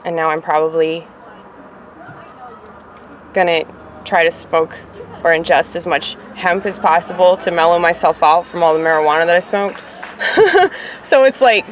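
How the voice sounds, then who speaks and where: A middle-aged woman talking casually to her viewers, rambling, laughing at her own stumbles and swinging from loud to quiet. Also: on the low side, level tone, normal speed, long pauses, a little hiss or hum. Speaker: vlogger.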